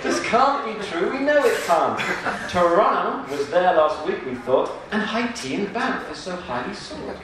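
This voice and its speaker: Give me a chorus of protesting storybook children, high and pleading, as a man puts them on. The voice jumps up well above the reader's own. Heard from afar in a very echoey room. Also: sing-song, a little slow, few pauses, fairly bright tone, far from the mic, slight background noise, heavily acted.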